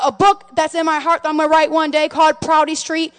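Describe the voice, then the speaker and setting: A middle-aged woman pastor telling personal stories in a sermon, animated and full of restarts, calling her listeners friends. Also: high-pitched, fairly quick, few pauses. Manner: animated storytelling, many restarts, addresses the congregation as friends. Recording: long hall reverb.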